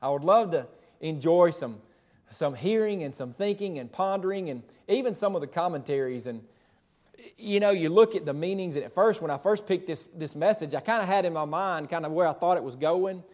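A man's voice: fairly high pitch, fairly quick, a little mellow. A pastor preaching a sermon and reading scripture, emphatic and conversational, tossing rhetorical questions to the congregation and correcting himself as he goes.

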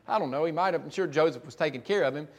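High-voiced preacher, folksy. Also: male voice, rapid-fire. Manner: folksy, conversational storytelling with frequent restarts. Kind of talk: sermon, retelling scripture.

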